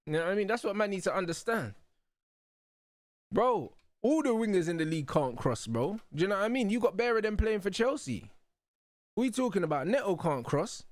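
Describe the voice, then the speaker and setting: A young man hosting a live football watch-along, talking excitedly in heavy slang and laughing loudly. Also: sits high, a little fast, dry recording. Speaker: host.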